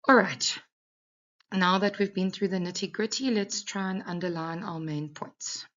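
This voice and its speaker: A woman's voice: lowish voice, fairly even intonation, unhurried, a bit bright, muffled recording. A woman English teacher giving an exam revision lesson, talking a class through a text and often checking in with "okay".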